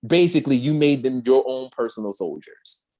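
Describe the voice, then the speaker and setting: A podcast co-host recapping a story in a sassy, slangy, animated way, with acted quotes. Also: medium pitch, fairly quick. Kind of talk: casual chat.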